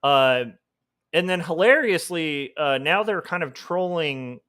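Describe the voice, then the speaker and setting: A man who is a comic artist, chatting casually on a livestream while he draws, thinking out loud with lots of fillers and restarts. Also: on the high side, expressive, a little slow, smooth. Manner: thinking aloud, rambling with fillers. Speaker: comic artist streaming his work.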